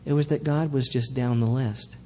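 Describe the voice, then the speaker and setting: A man's voice: medium pitch, fairly even intonation, moderate pace, warm tone, long reverb tail, a little hiss or hum. A male pastor giving a sermon in a church, preaching earnestly with emphatic repetition.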